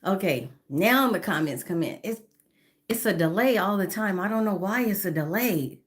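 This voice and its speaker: A woman's voice: medium pitch, animated, moderate pace. A woman in her fifties chatting on a phone live stream, greeting viewers by name and apologizing now and then. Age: 50s. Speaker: livestreamer.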